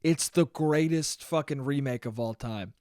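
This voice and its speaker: On his own podcast, a young man rants, rambles and jokes casually with plenty of profanity. His mid-range voice is darkish and moves at a measured pace, recorded clean in a studio with no echo.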